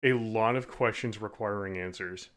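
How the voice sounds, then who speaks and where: A man's voice: on the low side, normal speed, fairly bright tone. A man co-hosting a podcast who chimes in with dry, wry remarks during a casual chat. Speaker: podcast co-host.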